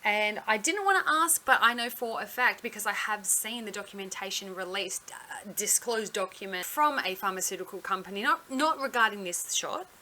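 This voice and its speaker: A woman's voice: mid-range voice, moderate pace, sharp tone, a little hiss or hum. A woman telling a story on her vlog in a blunt, sarcastic way, swearing freely. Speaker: vlogger.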